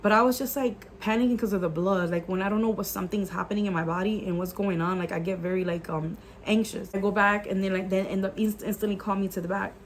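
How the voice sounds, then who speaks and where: A woman's voice: medium pitch, fairly even intonation, fast, hardly any pauses, slight background noise. Earnest woman sharing a faith testimony. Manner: earnest and emotional, many "like" fillers; mixes in Spanish phrases. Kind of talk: casual testimony storytelling.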